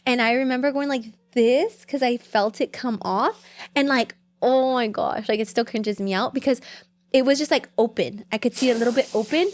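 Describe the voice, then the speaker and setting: A woman's voice: a little high, normal speed. A woman guest telling stories in casual podcast chat, full of "like" and quoted dialogue. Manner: chatty storytelling full of "like".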